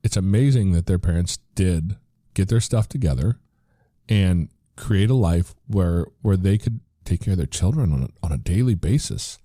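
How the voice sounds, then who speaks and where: Low-voiced American man, dark tone. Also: expressive, normal speed, no echo, studio quality. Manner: earnest, rambling, with frequent restarts. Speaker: podcast host. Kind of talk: casual conversational interview.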